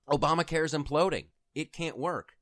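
A man co-hosting a casual political talk show, animated and often slipping into impressions of politicians. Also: fairly high pitch, unhurried, no echo, studio quality. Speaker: podcast co-host.

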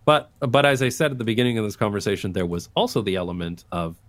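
Low-voiced man explaining at length. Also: animated, fast, no echo. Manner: talkative, explains at length with many restarts. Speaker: guest, urban design YouTuber. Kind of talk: casual interview conversation.

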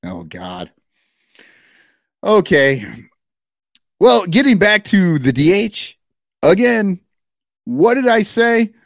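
A man co-hosting a casual podcast, talking in a loose, profane, animated way. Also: high voice, slow pace, vocal fry, pauses often, dry recording, studio quality. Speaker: podcast co-host.

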